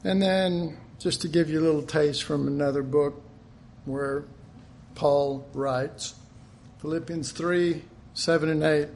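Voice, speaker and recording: A man's voice: on the high side, steady tone, slow pace, creaky, a little mellow, a little hiss or hum. A middle-aged man preaching a sermon, earnest and emphatic, often repeating himself.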